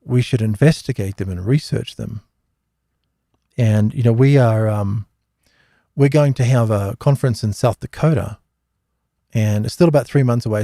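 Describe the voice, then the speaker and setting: Gravelly man telling rambling stories. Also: fairly low pitch, warm tone, dry recording, studio quality. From Australia. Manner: rambling, anecdotal, many fillers and restarts. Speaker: host of a live Q&A. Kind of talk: casual religious storytelling talk.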